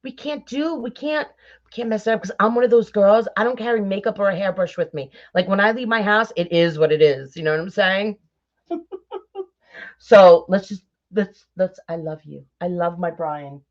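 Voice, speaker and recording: Woman, middle-aged, livestream host; casual and chatty, mid pitch, muffled sound. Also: moderate pace. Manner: chatty, laughs often, greets viewers by name. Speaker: livestream host of a bow-making craft show. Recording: dull lo-fi livestream audio.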